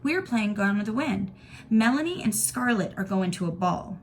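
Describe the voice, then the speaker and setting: A woman's voice: mid-range voice, lively intonation, a little hiss or hum, lightly acted. A woman doing a bossy older sister. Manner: brisk, scoffing. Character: lively ten-year-old girl, a bit bossy with her sister.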